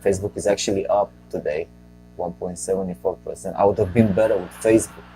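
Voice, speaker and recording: Rambling low-voiced man hosting a show. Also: fairly even intonation, brisk, mellow, faint music behind, rough recording. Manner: rambling and joking, talks to himself. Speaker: show host. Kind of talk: casual solo stock-market talk.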